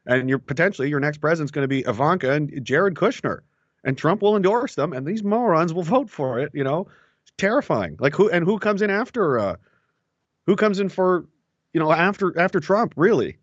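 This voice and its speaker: A man's voice: a little high, expressive, fairly quick, no room sound. A man talking casually and sarcastically about politics, swearing and laughing along the way. The sound is dry and a bit dull, like a web call.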